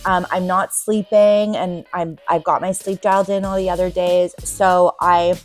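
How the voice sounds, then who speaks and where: A woman's voice: lowish voice, little pitch movement, a little slow, soft background music. A woman in her forties hosting a casual solo podcast as a recovery coach, talking in a candid, rambling way with frequent ums.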